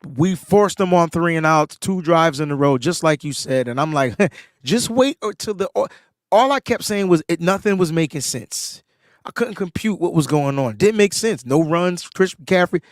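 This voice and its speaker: At a normal speed, a podcast co-host who's a bit under the weather spins a sports story in casual talk, getting animated and going up in pitch when excited. It's clean studio sound with no room sound.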